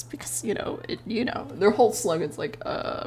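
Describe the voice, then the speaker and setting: A woman's voice: mid-range voice, moderate pace, few pauses, darkish tone, faint music behind. A woman streamer casually recapping a role-play story, rambling, swearing freely and laughing often.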